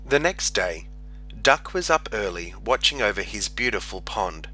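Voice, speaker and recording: A man reading a children's picture book aloud in an expressive storytelling manner. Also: lowish voice, normal speed, soft background music. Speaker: storybook reader.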